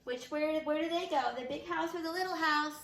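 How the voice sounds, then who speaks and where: A woman's voice: high voice, fairly bright tone, roomy sound, a little hiss or hum, rough recording. Sing-song preschool teacher woman. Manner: slow, sing-song teacher talk to small children. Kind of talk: online preschool lesson. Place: home room.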